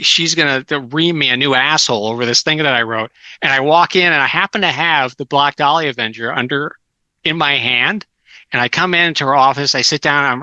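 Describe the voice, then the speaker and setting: Bright-voiced man telling rambling stories. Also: fairly high pitch, no room sound, poor audio. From Southern California. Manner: rambling anecdotes with many restarts. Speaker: guest author. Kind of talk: casual storytelling.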